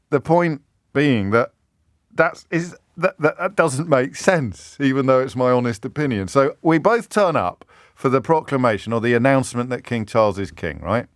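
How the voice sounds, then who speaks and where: A middle-aged man hosting a radio phone-in, talking in a lively, self-interrupting way and slipping into mimicked heckler voices. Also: medium pitch, no room sound, clean studio sound. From England. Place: radio studio. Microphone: studio microphone.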